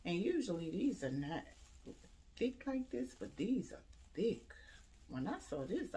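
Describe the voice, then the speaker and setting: A woman showing off holiday decorations she bought, talking casually and excitedly straight to her viewers. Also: lowish voice, unhurried, slight background noise, poor audio. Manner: enthusiastic, addresses viewers directly, exclaims over items. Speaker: home decor vlogger. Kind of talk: casual haul show-and-tell.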